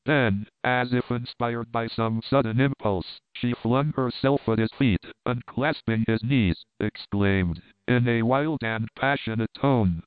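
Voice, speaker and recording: A man narrating a classic novel in a measured, formal way. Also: medium pitch, clear, resonant tone, dry recording. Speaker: audiobook narrator. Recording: tinny phone-like sound.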